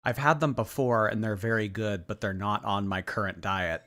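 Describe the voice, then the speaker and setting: A man's voice: lowish voice, steady tone, moderate pace, fairly bright tone. A man hosting a live stream, reacting to a clip with mocking, chatty commentary and reading out viewer messages.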